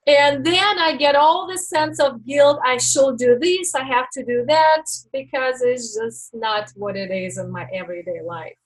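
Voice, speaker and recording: Husky-voiced woman coaching slowly. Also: high-pitched, steady tone, low-quality recording. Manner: slow, deliberate teaching with reflective pauses. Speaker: life coach. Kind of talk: live-stream coaching talk.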